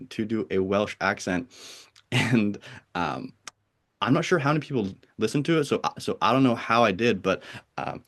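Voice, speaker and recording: Halting, lower-voiced male host. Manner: halting, hesitant. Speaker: podcast host. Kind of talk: casual conversation.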